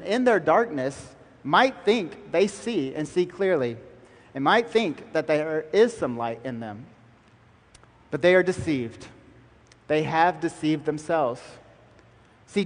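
Emphatic preaching man in a reverberant hall. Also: fairly high pitch. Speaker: pastor. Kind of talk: sermon.

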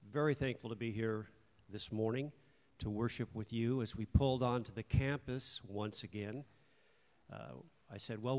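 An older man giving an earnest, measured testimony of thanks in a church service. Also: mid-range voice, a little mellow. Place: church sanctuary. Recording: long church hall reverb.

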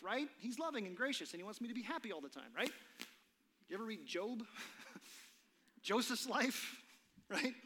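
A man preaching a sermon, dramatic and earnest, dropping his voice low for effect. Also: pushed and bright, slight background noise. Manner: dramatic, drops to a whisper for effect. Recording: long reverb of a large hall.

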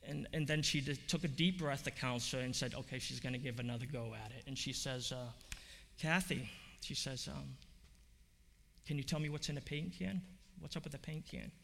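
A man's voice: medium pitch, moderate pace, gravelly, a bit bright, slight background noise. A man preaching a sermon, telling a story in a conversational way with many fillers, then building to emphatic points. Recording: long hall reverb.

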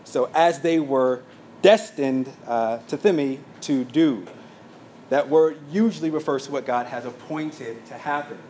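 A man's voice: medium pitch, measured pace, warm tone, slight background noise. Man preaching a teaching sermon. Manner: teaching from notes, many fillers and asides. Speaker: pastor.

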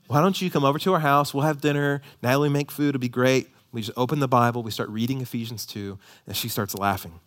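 A man in his thirties, a pastor preaching a sermon, swinging from loud emphasis to hushed near-whispers. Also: mid-range voice.

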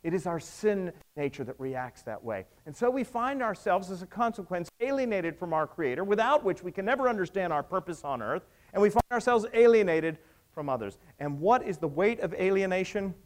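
A man with a high, light voice delivers a sermon. He tells stories with drama, dropping low and soft and then building up again. His delivery is that of a practiced preacher. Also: lively intonation, brisk. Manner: dramatic retelling with acted quotes, swinging from hushed to raised.

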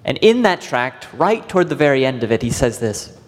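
A man's voice: mid-range voice, big pitch swings, a little fast, big-room sound. A man preaching a sermon as pastor, earnest and vivid, stretching out words for emphasis.

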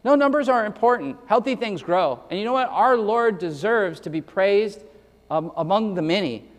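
Male pastor, high voice, earnest and emphatic sermon delivery, stumbling restarts, heard with a lingering hall echo. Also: lively intonation. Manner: earnest, emphatic preaching with quick verse citations; repeats words when starting sentences.

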